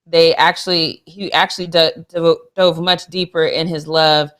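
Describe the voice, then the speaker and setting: A woman's voice: low-pitched, flat delivery, normal speed, fairly bright tone. A woman co-hosting a sports talk show, gushing and emotional, with sassy trash talk. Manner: gushing and emotional, with frequent laughs. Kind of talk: casual sports chat.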